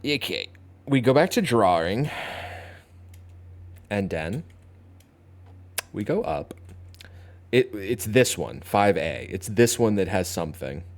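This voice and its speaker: Young male streamer, deep and animated, casual chatty game commentary. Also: takes it slowly, pauses often. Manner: chatty, talks to chat, thinks aloud, playful. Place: home streaming setup.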